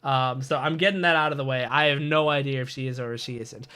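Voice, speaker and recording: A man's voice: medium pitch, fairly even intonation, quick pace, sharp tone, clean tone. A young man giving casual commentary on an anime episode, talking in an earnest, gushing, rambling way with many restarts. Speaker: anime reaction host.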